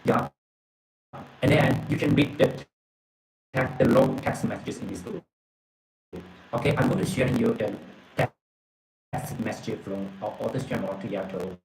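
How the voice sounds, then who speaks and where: A man retelling a story from a book and reading a message aloud, halting and repeating words, often filling with okay and yeah. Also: lowish voice, a little mellow, echoey room, slight background noise, low-quality recording. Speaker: presenter retelling a book's story.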